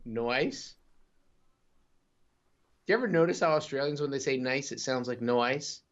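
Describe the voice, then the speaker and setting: An easygoing man chatting on a gaming podcast, with a middle-of-the-road pitch. He rambles through his asides and chuckles often. The audio is dull and lo-fi. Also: racing. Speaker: podcast co-host. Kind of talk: casual podcast chat.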